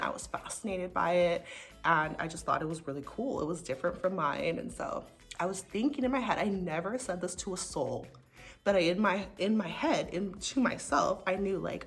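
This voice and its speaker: A woman's voice: on the low side, vocal fry. A young American woman telling personal stories in a casual, earnest way, leaning heavily on "like" as she talks to her viewers. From United States. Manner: chatty, earnest, filler-heavy with frequent "like". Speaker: spiritual vlogger. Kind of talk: casual heartfelt storytelling. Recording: soft music in the background.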